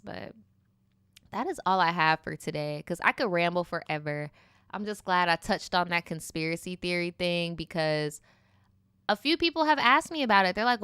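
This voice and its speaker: Bright, animated woman vlogging casually. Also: mid-range voice, normal speed, clean tone, no room sound, studio quality. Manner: animated storytelling, slangy, laughing asides. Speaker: mukbang vlogger. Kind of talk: casual chat while eating.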